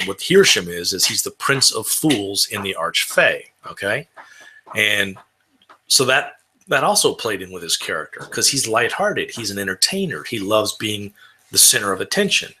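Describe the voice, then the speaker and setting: A man from Texas rambles through a casual talk about roleplaying, circling back and restarting his sentences. His voice is very bright and sharp-edged, sitting at an ordinary middle pitch. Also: husky. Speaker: tabletop roleplayer.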